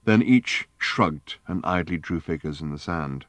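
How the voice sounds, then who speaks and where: A man narrating an audiobook in a measured, dryly wry storytelling manner. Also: low voice, no room sound. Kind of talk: scripted narration.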